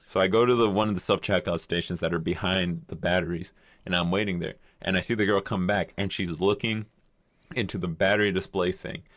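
Young male co-host, low voice, dry close sound, loose storyteller who swears freely. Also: steady tone, a little fast, a bit bright, dry recording. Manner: rambling storyteller, swears casually, acts out quotes. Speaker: podcast co-host telling a story. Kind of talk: casual chat.

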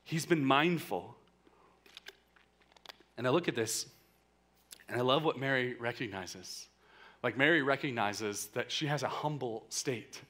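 A man in his thirties giving a conversational, earnest youth sermon, often saying "like" and swinging between quiet, intimate lines and loud, emphatic bursts. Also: medium pitch, normal speed. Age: 30s. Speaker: youth pastor.

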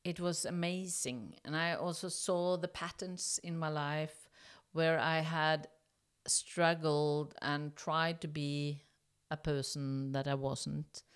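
Her voice is low, clear and resonant, and she speaks slowly. This middle-aged woman from Norway, an interview guest speaking English, recounts a story casually, stumbling through fillers and restarts yet animating the dialogue she acts out.

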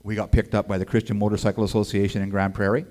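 Speaking rapid-fire in a lowish voice, this man gives a personal faith testimony about his life in a relaxed, folksy style. He brings the other characters to life by voicing them, peppering his talk with "man" and "boy, I tell you."

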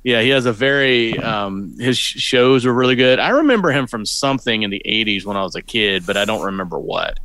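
A man in his forties chatting casually about a movie, halting with fillers as he recalls details. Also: medium pitch, sharp tone. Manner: hesitant, halting, with many fillers. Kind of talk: casual chat.

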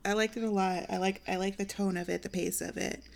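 A woman co-hosting a casual book chat, relaxed and quick to laugh, using plenty of fillers. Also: mid-range voice, gravelly. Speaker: book podcast co-host.

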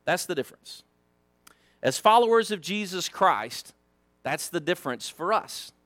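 A man leads a Sunday school Bible lesson in a playful, joking way, tossing slangy asides between the verses. His voice sits high and bright, and his pitch swings widely as he talks. The sound is close and dry. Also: expressive, a little slow, no echo.

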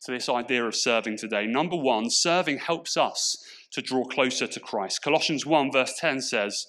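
Preaching with emphatic rhetorical questions, this English-accented pastor from Portsmouth sounds animated. His medium-pitched voice is pushed and bright, at a moderate pace.

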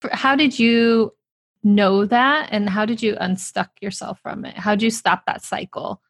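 A woman hosts an interview and asks her guest empathetic questions. Her voice is mid-pitched and ordinary for a woman. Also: fairly even intonation, measured pace.

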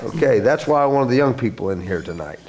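A man's voice: animated, fast, darkish tone. Earnest man preaching a sermon. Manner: earnest preaching with many fillers and restarts, rising in pitch when stressing points. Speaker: pastor.

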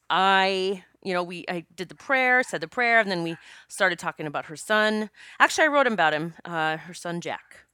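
A woman who works as a psychic medium tells a personal story in a casual monologue. Her telling is emotional and animated, full of fillers, with the odd swear word. Her voice sits at a middle pitch and is recorded dry and close. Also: smooth, no echo.

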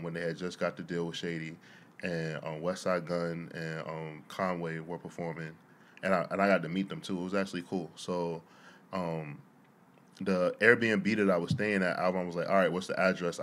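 A man's voice: low-pitched, fairly bright tone. A young man telling a long story in casual podcast chat, with many fillers and laughs at the punchlines. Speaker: podcast co-host.

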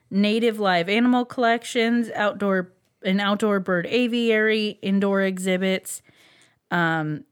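Co-hosting a laid-back podcast chat, a woman with a smooth, medium-pitched voice reads out facts she's researched. She fills her speech with ums and uhs and is quick to laugh.

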